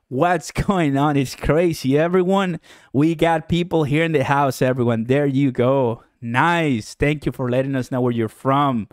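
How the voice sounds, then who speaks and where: A man's voice: medium pitch, moderate pace, no echo, studio quality. A young man from Puerto Rico with a Puerto Rican Spanish accent, hosting a casual livestream and upbeat as he reads out viewer comments. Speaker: livestream host.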